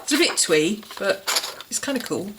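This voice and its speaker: A woman's voice: mid-range voice, big pitch swings, normal speed, noisy background. A woman with an English accent, chatting casually as she reviews a product in a vlog and muses aloud. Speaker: vlogger.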